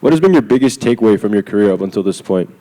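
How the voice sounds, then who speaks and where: A man's voice: fairly low pitch, animated, racing, background noise. A man, a reporter, asking a fighter a direct question about his career.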